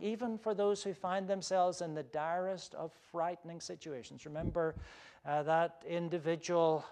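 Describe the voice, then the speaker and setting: A man preaching a sermon, earnest, building to emphatic peaks and dropping to soft quiet quotations. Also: a little high. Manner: earnest, with swelling emphasis and soft hushed quotes. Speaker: pastor.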